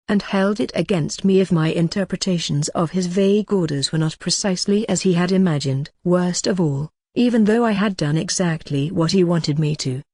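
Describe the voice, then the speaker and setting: An audiobook narrator giving a steady, even scripted reading of a fantasy novel. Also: mid-range voice, no room sound, studio quality.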